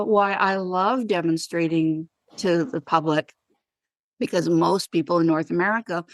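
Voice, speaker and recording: A woman's voice: lowish voice, no echo. A woman who works as a wellness practitioner, telling stories in an interview and acting out the dialogue in them. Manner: animated, acts out dialogue in her anecdotes. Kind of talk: conversational interview storytelling.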